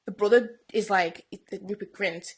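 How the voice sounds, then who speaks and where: A young woman telling a story at a lively, animated clip, slipping into little acted-out voices for each character. Her pitch sits in the middle of the range, and her talk is loose and casual, full of "like" and "yeah?". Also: a little slow, husky. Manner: animated storyteller who acts out characters' lines. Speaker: podcast co-host. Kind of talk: casual chat retelling a TV plot.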